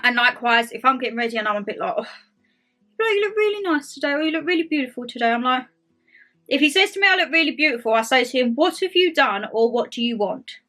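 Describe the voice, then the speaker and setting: A woman's voice: sits high, animated, fast talker, pushed and bright, soft background music. A young woman chatting casually to camera, bubbly and talkative, full of quoted asides. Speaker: vlogger host. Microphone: tablet camera.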